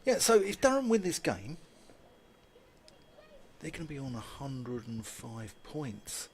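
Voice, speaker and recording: A man's voice: medium pitch, slow pace, slight background noise. A man giving live ball-by-ball radio commentary on a cricket match. He calls the play and lifts his voice when a big shot comes. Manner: lively play-by-play, rising with big shots.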